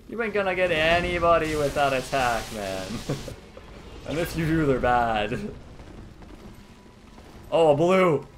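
A young man giving playful gameplay commentary, laughing often and breaking into sudden excited yelps. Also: a little high, slow pace, pauses often, a little hiss or hum. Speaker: gaming YouTuber.

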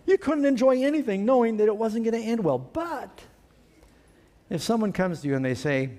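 A man's voice: sits high, animated, normal speed, dark tone. A man preaching a sermon as pastor, putting questions to his congregation and acting out everyday sayings. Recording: long reverb in a hall.

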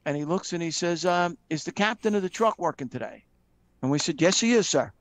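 A middle-aged man, a retired fire captain, telling lively stories with frequent ums and acting out the dialogue he quotes. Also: fairly high pitch, a little fast, no room sound. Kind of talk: casual storytelling in a live video chat.

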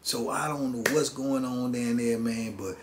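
A middle-aged man recounts a prison story as an interview guest. He talks in easy street slang at a mid pitch, dropping "man" and "you know what I'm saying" into nearly every line. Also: steady tone, a little slow, background noise.

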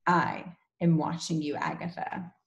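A woman reading out a ghostly, vengeful warning slowly and deliberately. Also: low-pitched, animated, gravelly, muffled recording, heavily acted. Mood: menacing. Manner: slow, deliberate. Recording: echoey room.

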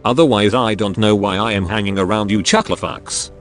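A synthetic male text-to-speech voice voicing a gruff, surly male mercenary. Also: lowish voice, brisk, faint music behind, close to an everyday voice. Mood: irritable.

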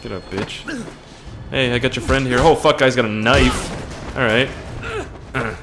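A young man from Canada giving excitable, profane let's play commentary, laughing and reacting loudly as he plays. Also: mid-range voice, a little slow, background noise. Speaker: gaming channel host. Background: game music and sound effects.

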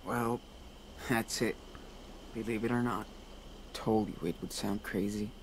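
A man's voice: fairly low pitch, fairly even intonation, unhurried, a little hiss or hum, close to an everyday voice. A man voicing a guarded teenage big brother. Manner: guarded, firm. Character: protective teenage older brother, guarded and tense.

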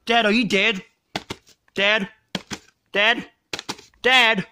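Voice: medium pitch, steady tone, very slow, pushed and bright, slight background noise, voice pushed down. A performer voicing a whiny boy who panics and wails. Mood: worried. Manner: panicky, wailing outbursts. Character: whiny boy who kills with a cursed book.

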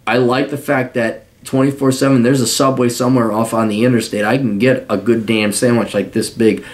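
Blunt male podcast host, swears freely, rambles and restarts, mid-pitched everyday voice. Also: steady tone, brisk. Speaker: podcast host giving advice. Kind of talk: casual advice monologue.

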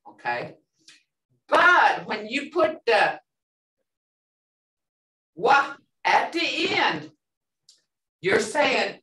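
A woman teaches a language class, patiently explaining, repeating words and often checking "okay?". Her mid-range voice is fairly bright but far from the mic, with a roomy, off-mic classroom sound.

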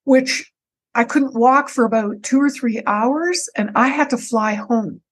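A woman with a fairly high voice, telling a personal story as a podcast guest. She talks animatedly and often restarts or repeats words. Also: a little slow, a little hiss or hum, low-quality recording. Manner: animated, breaks into her own quoted speech.

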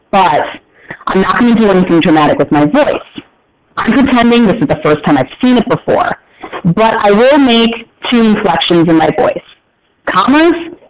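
A male teacher explains a classroom task step by step, casual and a bit repetitive. His voice sits high for a man. A faint hiss runs under the recording. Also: rough recording. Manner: casual, step-by-step directions with repeated phrases. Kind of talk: classroom instruction.

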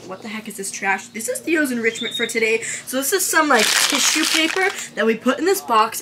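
Gushing high-voiced young woman vlogger. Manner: gushing, squeals and baby-talks to animals. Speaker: vlogger with pet monkeys. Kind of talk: excited vlog narration. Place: outdoors at an animal enclosure. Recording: loud background noise.

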